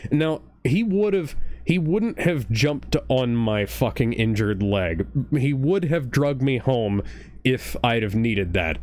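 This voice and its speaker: A man's voice: medium pitch, expressive, slow, a little mellow, no echo. A man co-hosting a casual livestreamed reaction show, rambling with restarts and now and then a curse word. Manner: rambling, self-correcting, profane. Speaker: podcast co-host.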